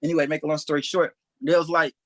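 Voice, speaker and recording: Guy telling a wild story real quick, kinda high voice, dry sound. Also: no echo. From Detroit, USA. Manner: animated, acts out quoted voices. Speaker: stand-up comedian. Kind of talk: storytelling anecdote.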